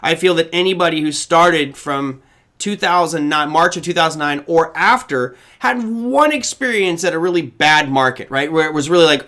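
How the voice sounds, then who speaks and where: A man hosts a casual livestream with a bright, forward voice that sits a touch high. He talks loosely and chattily, and he often restarts his sentences as he goes. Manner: chatty, loose, self-correcting. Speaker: host.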